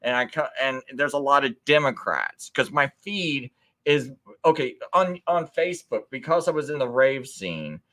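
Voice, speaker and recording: A man's voice: lively intonation, normal speed, a bit bright. A man calling into an open mic show, arguing in a rambling, stammering way and acting out the people he quotes. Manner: rambling, stammering, repeats words; acts out quoted friends in a higher voice. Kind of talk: heated casual debate.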